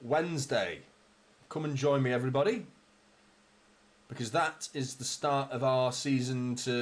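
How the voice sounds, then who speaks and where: A man's voice: medium pitch, animated, measured pace. A young man hosting a live football watchalong, commentating with frustration, swearing and talking to his viewers. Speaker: fan channel host.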